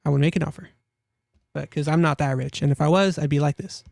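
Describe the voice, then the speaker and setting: Heavy background noise surrounds a young male host giving casual commentary on gear for sale. He's chatty and jokey, repeats himself and laughs at his own jokes, speaking quickly in a slightly high, gravelly voice with fairly even intonation.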